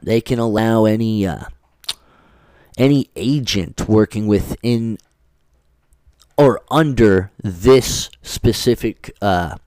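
A man's voice: lowish voice, dark tone, no room sound. A man hosting a podcast, rambling through legal points with many fillers and restarts, then reading statute text aloud in a casual way, now and then swearing. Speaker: podcast host.

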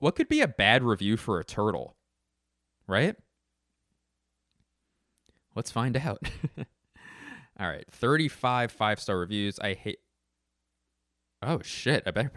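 A man's voice: lowish voice, a bit bright, dry recording, studio quality. A man talking casually and comically, rambling, swearing and cutting himself off mid-thought. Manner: rambling, profane, self-interrupting. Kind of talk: casual comedic commentary.

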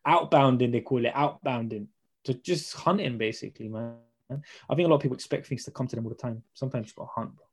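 Fast-talking man telling stories. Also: mid-range voice, breathy edge. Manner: slangy, storytelling, acts out dialogue. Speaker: podcast guest, personal trainer. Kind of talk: casual chat.

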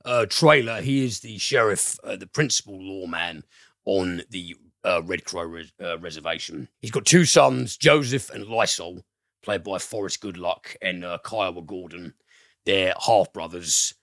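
A man's voice: sits low, unhurried, a bit bright, no echo, clean studio sound. A man hosting a casual film review podcast, enthusiastic, rambling and profane.

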